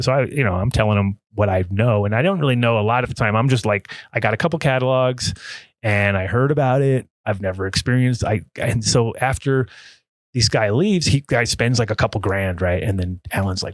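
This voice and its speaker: A man of middle pitch rambles through a story as a podcast guest. He swears casually and breaks into other people's voices along the way. The sound is close and dry. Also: a little fast, no room sound. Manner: rambling, profane, acts out other people's lines.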